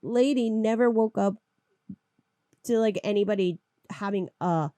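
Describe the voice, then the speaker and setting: A woman's voice: mid-range voice, unhurried, dark tone, dry recording. A woman co-hosting a podcast, chatting casually about an old film with jokey, sarcastic banter. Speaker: podcast co-host.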